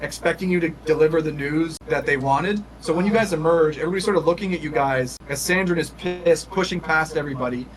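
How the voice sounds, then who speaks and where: N/a game master narrating with lots of fillers. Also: male voice, on the high side, fast, few pauses, a crowd in the background, rough recording. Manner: hedging, filler-heavy.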